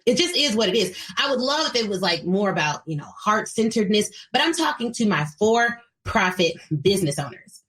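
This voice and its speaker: An American woman hosts a solo podcast as a speaking coach, giving motivational business talk in an emphatic, preachy and direct way and playing quoted voices as she retells things. Her mid-range voice is sing-song and fairly bright, and she speaks fairly quickly with hardly any pauses.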